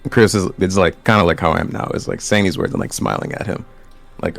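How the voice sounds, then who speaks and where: A man's voice: low voice, big pitch swings, fast talker, vocal fry, faint music behind. A man playing a tabletop game, casually describing what his character does. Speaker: player.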